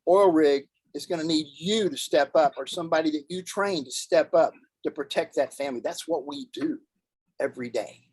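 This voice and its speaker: A man with a fairly high voice tells a story from his working life on a video call, earnest and folksy. The sound is dry and close. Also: lively intonation, normal speed, darkish tone, husky, no echo, poor audio. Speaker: guest speaker.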